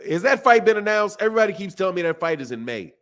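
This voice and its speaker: A fairly high-voiced man hosting a casual boxing livestream. He talks loosely in slang and jumps between points with lots of restarts. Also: very animated, rapid-fire, a bit bright. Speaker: boxing channel host. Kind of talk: casual livestream chat reading super chats.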